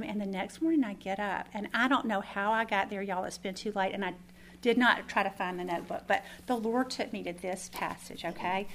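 A woman leading a Bible study, telling a lively personal testimony and then praying. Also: medium pitch, slight background noise. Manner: animated, chatty storytelling with asides.

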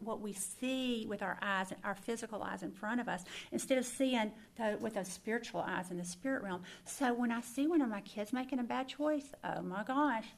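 A middle-aged woman, sharing a personal testimony in a sermon, earnest and emphatic, repeating words for stress. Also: a little high. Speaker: Christian speaker.

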